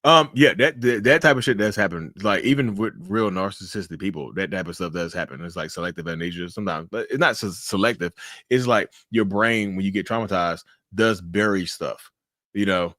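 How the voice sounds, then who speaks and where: A man's voice: fairly quick, dry recording. A man hosting a casual interview, talking loosely with swearing and acting out his reactions in big jumps of voice. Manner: animated, acts out reactions with big pitch jumps and laughs. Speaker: interview host.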